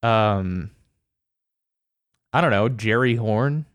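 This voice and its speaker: A man's voice: fairly low pitch, drawn-out words, no room sound. Dry, sarcastic-sounding male podcast host. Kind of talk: casual chat.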